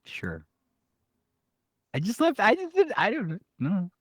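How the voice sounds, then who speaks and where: A man co-hosting a podcast, chatting casually with quick playful jokes and a tired, punch-drunk air. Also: sits high, huge pitch swings, a bit bright, husky, no room sound, studio quality. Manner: playful, jokey, tired quips. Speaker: podcast co-host. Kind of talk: casual chat.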